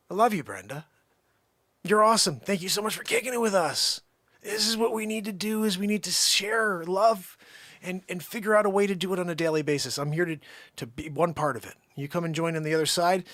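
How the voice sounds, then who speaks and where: A man hosting a live stream, rambling through effusive shout-outs to viewers in casual chat. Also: fairly high pitch, no echo, studio quality. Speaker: livestream host.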